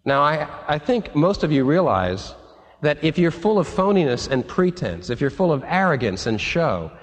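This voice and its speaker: Male pastor, lively animated sermon delivery, reverberant church sound. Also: fairly high pitch, normal speed. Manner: animated preaching with acted quotes. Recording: long reverb of a church hall.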